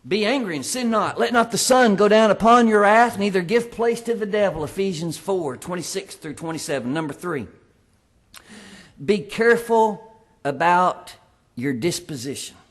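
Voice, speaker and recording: A man preaching a sermon in church, emphatic, slowing down to stress key words. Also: high voice, expressive. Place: church sanctuary.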